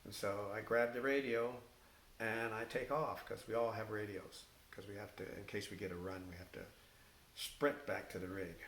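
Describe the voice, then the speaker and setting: A middle-aged or older man, a former firefighter, recounting his career in oral-history storytelling. He speaks haltingly, with many fillers and restarts. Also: fairly low pitch. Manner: halting, with many fillers and restarts, animated when quoting others. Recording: echoey room with faint hiss.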